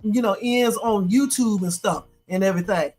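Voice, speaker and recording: A woman doing a brash, loud-mouthed tough guy. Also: mid-range voice, normal speed, soft background music, natural voice. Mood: bluster. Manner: loud, confrontational street talk. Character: her pretend husband, a brash, threatening man. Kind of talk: prank phone call re-enactment.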